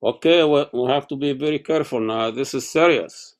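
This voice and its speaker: A man hosting a casual interview over a video call, talking haltingly with many fillers and restarts. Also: mid-range voice. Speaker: interview host.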